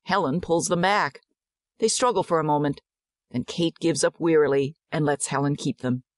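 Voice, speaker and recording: A woman narrating a dramatized audiobook in a measured, descriptive way. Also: sits low, no room sound, studio quality.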